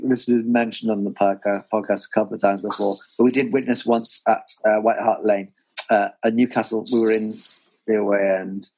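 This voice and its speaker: A man's voice: on the low side, poor audio. A man hosting a casual football podcast, reading out listener questions and telling fan anecdotes. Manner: reads listener questions, tells anecdotes with shouted impressions. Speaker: podcast host. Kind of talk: casual chat.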